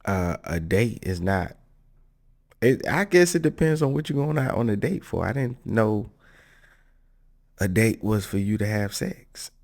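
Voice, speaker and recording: A man with a very low, gravelly voice gives casual commentary as a podcast host. He talks at an unhurried pace and is blunt and candid, laughing between his points. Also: expressive. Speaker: podcast host reacting to clips.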